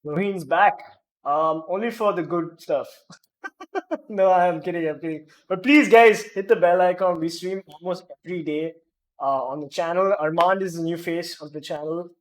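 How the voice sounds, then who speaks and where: A podcast host with an Indian accent runs a gaming show, joking around casually and reading comments from the live chat. His voice sits a little high, and he talks at a moderate pace.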